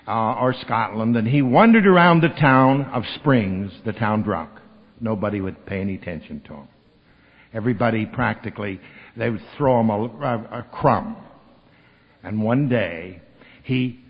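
A man telling a long story at a recovery meeting, animated and acting out the people he quotes. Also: mid-range voice, breathy edge. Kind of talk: storytelling talk. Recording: dull lo-fi recording with long hall reverb.

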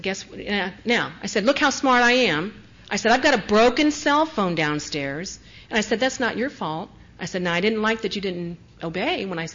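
A woman speaks in an earnest, confessional way, telling her own story of recovery. Her voice sits at a medium pitch and often drops soft and low in tender moments. The recording is dull and lo-fi. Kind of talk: personal testimony.

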